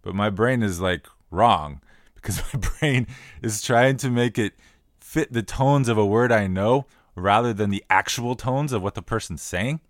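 Podcast co-host, male, lowish voice, casual explainer, dry close sound. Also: measured pace, dry recording. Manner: relaxed, repeats phrases while explaining.

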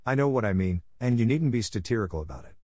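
A man's voice: mid-range voice, expressive, quick pace, darkish tone, no echo, studio quality, close to an everyday voice. A man reading the lines of a prim, self-important youngest sister in an audiobook, speaking with injured dignity.

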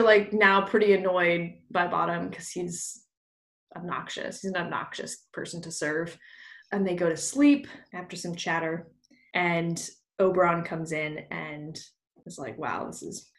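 A woman's voice: on the low side, unhurried, fairly bright tone, roomy sound. A young woman co-hosting a podcast, recapping a play's plot in casual chat, laughing often and acting out the characters' lines with a bit of swearing. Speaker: podcast co-host.

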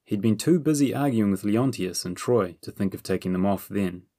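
A man reading a children's fantasy audiobook in a steady, measured way. His voice sits fairly low and the recording is dry and close, with no room sound. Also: dry recording. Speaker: audiobook narrator. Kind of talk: scripted narration.

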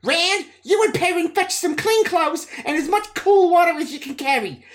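A man voicing a stern young woman healer who gives brisk, worried orders. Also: very high voice, lively intonation, slight background noise, voice pushed up. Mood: urgent. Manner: brisk, commanding.

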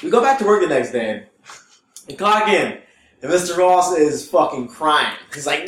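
A man's voice: a little fast, roomy sound, background noise. A young man, a stand-up comedian, telling a story in a casual interview, acting out the voices of the people in it and laughing often. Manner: animated, acts out quotes with big pitch jumps, laughs often.

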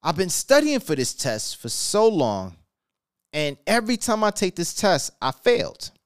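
A man's voice: high voice, big pitch swings, a little slow, smooth, no room sound, studio quality. A man voicing a frustrated young woman studying for law school, quoting her in passing within his story. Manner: quoted in passing, barely acted.

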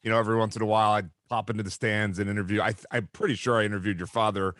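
A man's voice: on the low side, fairly even intonation, rapid-fire, fairly bright tone, no echo, clean studio sound. A man hosting an interview, reacting with laughter and asking his guest questions. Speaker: interviewer, former team broadcaster. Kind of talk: casual interview.

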